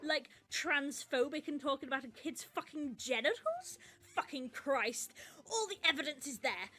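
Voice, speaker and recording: A woman's voice: high voice, big pitch swings, normal speed, few pauses, bright, forceful tone. A woman in an angry, emotional rant, swearing bitterly, her voice at times breaking toward tears. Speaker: person venting in a played voice clip.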